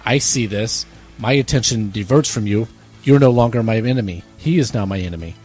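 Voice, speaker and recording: A man's voice: lowish voice, brisk, a little mellow, breathy edge, faint music behind. Blunt, teasing young man. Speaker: podcast co-host. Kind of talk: casual storytelling chat.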